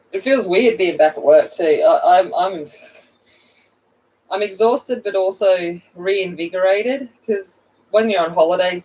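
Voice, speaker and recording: A woman's voice: fairly low pitch, darkish tone, recorded from a distance, low-quality recording. Chatty woman coloring on a livestream. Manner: chatty, greets viewers by name, laughs at herself. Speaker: coloring channel host. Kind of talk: casual chat while coloring on a livestream.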